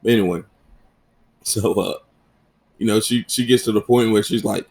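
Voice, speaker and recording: A man's voice: lowish voice, steady tone, moderate pace, long pauses, darkish tone. A man in his thirties hosting a casual solo podcast, telling profane, joking family stories. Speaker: podcast host.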